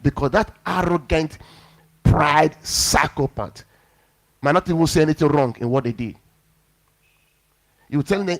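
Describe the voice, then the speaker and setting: A man's voice: fairly high pitch, normal speed, pauses often. A male pastor preaching a sermon, telling a personal story and acting out the lines of the people in it. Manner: animated storyteller acting out quotes.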